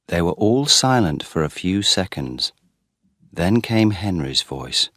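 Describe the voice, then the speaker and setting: A man reading a story in slow, clear, expressive scripted narration for English learners. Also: deep voice, dry recording, clean studio sound. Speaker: story reader.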